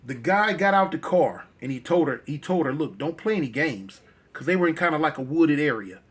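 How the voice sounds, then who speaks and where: A man's voice: a little high, animated, fairly quick, husky. A male storyteller telling a dramatic tale in a conversational, repetitive way.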